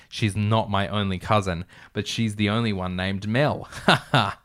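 A man's voice: fairly low pitch, normal speed, fairly bright tone. A young man with an Australian accent who reads aloud from his childhood novel and breaks off for wry, self-mocking asides. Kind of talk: comic reading with commentary.

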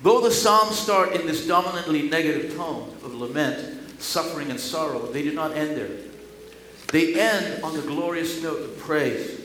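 Male pastor, slightly high voice, animated sermon delivery with loud emphatic reading, roomy echo. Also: slight background noise. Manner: animated, swings between loud emphatic reading and quiet asides. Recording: echoey room with faint ambience.

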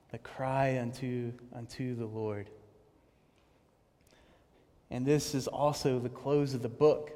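A man preaching a sermon with passion, halting and repeating words, rising to loud cries and then dropping to hushed tones as he reads and explains scripture. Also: mid-range voice. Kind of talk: sermon on a psalm. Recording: long hall reverb.

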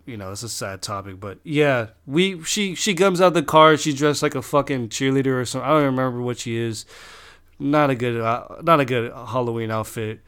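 A man's voice: medium pitch, fairly bright tone, smooth. A young man telling a long personal story in a rambling, casual way, swearing constantly and restarting his sentences.

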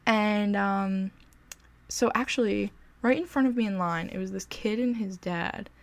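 A young woman talks casually to the camera and tells a story like an excited fan. Her voice has a gravelly fry. She is chatty and pokes fun at herself, and her pitch sits in an ordinary middle range. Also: a little slow. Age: young adult. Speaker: vlogger.

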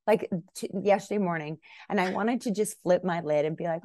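A woman's voice: lowish voice, a little fast, darkish tone, dry recording, clean studio sound. A woman in her thirties from Canada, a podcast guest talking casually and bluntly, jumping into raised voices to act out her own thoughts. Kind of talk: casual interview chat.

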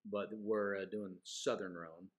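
Podcast co-host, man, low voice, rambling and self-mocking, casual chat. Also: fairly even intonation, measured pace. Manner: rambling, self-deprecating, joking.

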